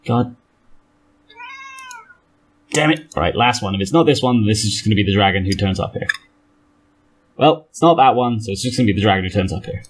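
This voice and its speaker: A man narrating a tabletop game as game master, slow and measured, breaking into laughs between descriptions. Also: fairly low pitch, animated, slightly rough.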